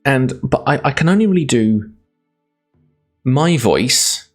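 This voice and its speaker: A man's voice: medium pitch, animated, slow, soft background music. A Scottish man streaming live, reading a gamebook aloud in a chatty, self-deprecating way, laughing often.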